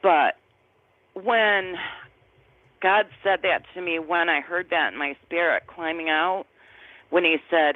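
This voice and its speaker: A woman's voice: sits low, measured pace, no echo. Earnest woman in her fifties on a tinny line. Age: 50s. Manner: earnest, emotional, searching for words. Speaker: guest sharing a testimony. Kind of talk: personal testimony in conversation. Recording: tinny phone-like line, dry.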